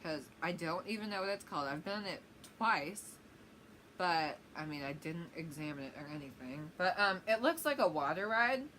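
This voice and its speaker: A woman's voice: fairly low pitch, animated, moderate pace, a bit bright, a little hiss or hum, poor audio. Giggly young woman rambling through a story. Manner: rambling, giggly, lots of fillers. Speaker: vlogger. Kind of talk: casual story time.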